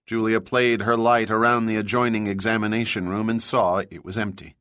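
A man narrating a thriller audiobook in an even, measured storytelling voice. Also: on the low side, no echo, studio quality. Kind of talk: scripted narration.

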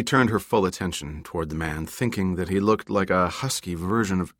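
A man narrating an audiobook in a steady, measured way. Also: sits low, no room sound, clean studio sound. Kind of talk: scripted narration.

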